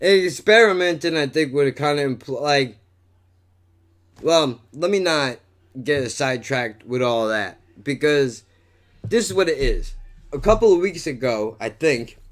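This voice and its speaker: Dude on his podcast ranting, says bro a lot, kinda high voice, cusses nonstop. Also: expressive, a little slow. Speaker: podcast host. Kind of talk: casual storytelling monologue.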